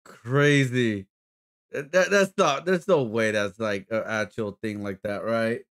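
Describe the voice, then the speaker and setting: A man's voice: medium pitch, a little slow, a bit bright. Casual, profane male streamer. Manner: loose, profane, laughing reactions.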